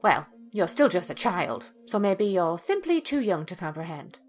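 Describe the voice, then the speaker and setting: A woman voicing a soft-spoken young male psycho who sounds falsely gentle, reading game dialogue. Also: fairly low pitch, big pitch swings, normal speed, faint music behind. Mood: creepy, gentle.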